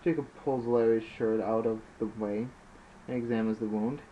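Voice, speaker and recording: A man's voice: lowish voice, fairly even intonation, normal speed. A man reading his own story aloud as an amateur audiobook narrator, plainly and with occasional slips. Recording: dull lo-fi with faint hiss.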